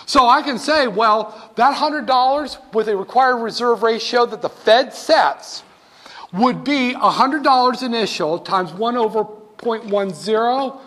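High-voiced, jokey male instructor. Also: unhurried. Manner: jokey, animated, talks straight to students. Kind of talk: classroom lecture.

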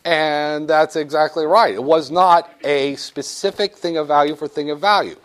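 A man's voice: fairly high pitch, fairly even intonation, moderate pace, a bit bright. A man teaching a business law class, lecturing in a joking way and acting out little scenes with students.

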